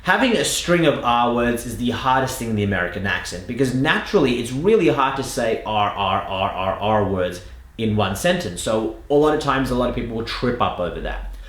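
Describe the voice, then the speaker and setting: Australian male accent coach, patient and emphatic, very lively intonation, echoey room. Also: mid-range voice, brisk. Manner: patient, emphatic, drawing out key words. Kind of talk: instructional lesson with spoken demonstrations.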